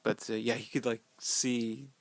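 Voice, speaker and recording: A man talking through a film in a loose fan commentary, rambling and a little profane, with plenty of fillers and stray chuckles. His voice sits at an ordinary middle pitch. The sound is close and dry, with no room around it. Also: level tone, unhurried, no echo.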